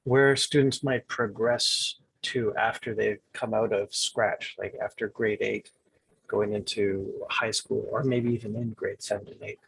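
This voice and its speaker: Slow, gravelly man asking a question. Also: fairly low pitch, fairly even intonation, fairly bright tone, a little hiss or hum, poor audio. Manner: hesitant, repeating himself. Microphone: video call.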